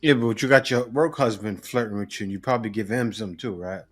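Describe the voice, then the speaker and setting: A man hosting a reaction commentary, pausing clips to lecture emphatically about relationships. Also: on the low side.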